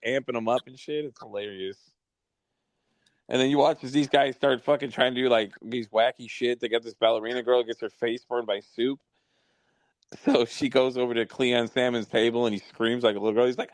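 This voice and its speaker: A man's voice: medium pitch, steady tone, a little fast, no room sound. A man hosting a podcast, telling stories in profane, rambling casual chat. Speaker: podcast host.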